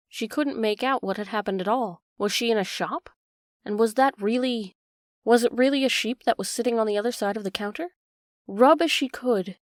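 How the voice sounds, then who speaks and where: A woman narrating a classic storybook in a steady, even reading. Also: on the high side, dry recording, clean studio sound.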